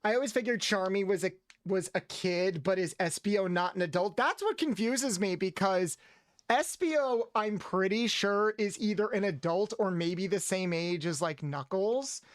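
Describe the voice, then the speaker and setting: A man's voice: high voice, normal speed, no room sound. A man streaming a video game, chatting playfully with his viewers in a loose, rambling way. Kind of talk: casual gameplay commentary. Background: faint game music.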